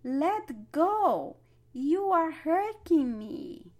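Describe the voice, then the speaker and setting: A woman's voice: sing-song, drawn-out words, darkish tone, exaggerated voice. Little elephant boy, nasal and whiny, storybook style; woman reader. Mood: pained. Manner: nasal, pained high voice. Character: young male elephant, small and curious.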